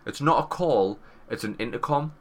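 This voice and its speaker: A man in his thirties with a Northern English accent, co-hosting a podcast and telling a swearing, animated anecdote with quoted voices. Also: mid-range voice, normal speed. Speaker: podcast co-host. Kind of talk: casual storytelling chat.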